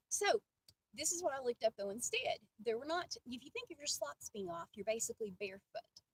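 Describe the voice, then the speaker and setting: A woman's voice: a little high, husky. A woman from the American South, giving a casual, chatty devotional talk full of asides and self-deprecating jokes. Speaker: faith vlogger. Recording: distant mic with faint ambient noise.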